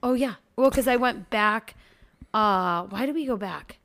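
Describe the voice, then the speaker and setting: A woman in her thirties co-hosting a casual chat, telling family stories with quick asides and frequent laughter. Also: on the high side, fairly bright tone. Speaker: podcast co-host.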